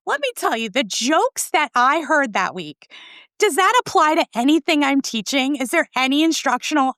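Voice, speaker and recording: With a high, sing-song, somewhat bright voice at a moderate pace, a school librarian in her forties talks as a podcast guest in a conversational interview. Enthusiastic and often laughing, she ends her points with "right?", and the studio-quality recording has no echo.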